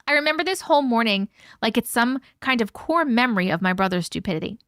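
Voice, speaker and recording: A woman with a bright, higher-pitched voice reads a viewer's story aloud during a live stream. She breaks in often with casual, chatty asides. Her voice sits close and dry on the microphone, with almost no room sound. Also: lively intonation, fast talker, dry recording. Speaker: host reading viewer stories.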